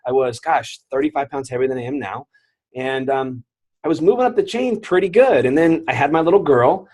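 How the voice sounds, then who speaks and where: Fast-talking guy in his thirties, husky voice, acts out the other voices as he tells it. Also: medium pitch. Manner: animated, acts out quoted voices. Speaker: guest. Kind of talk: storytelling interview.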